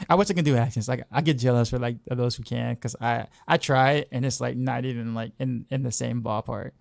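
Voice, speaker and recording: A man streaming a game chats through his choices, repeating words and trailing off easily. His mid-pitched voice has a heavy gravel to it, recorded dry and close. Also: steady tone, normal speed, a little mellow, no echo. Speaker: game streamer and music teacher. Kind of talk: casual gameplay commentary.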